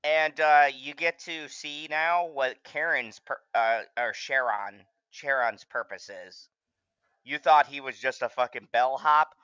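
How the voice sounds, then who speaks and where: A man hosting a movie watch-along in casual chat, gushing with excitement and swearing freely. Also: medium pitch, a little slow, clean tone, dry recording, muffled recording. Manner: excitable, gushing and heavily profane.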